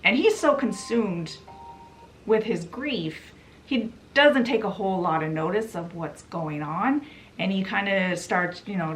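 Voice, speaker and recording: Woman chatting thru a book summary, unhurried, a bit of faint hiss. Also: fairly low pitch. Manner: chatty, relaxed retelling. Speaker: book channel host.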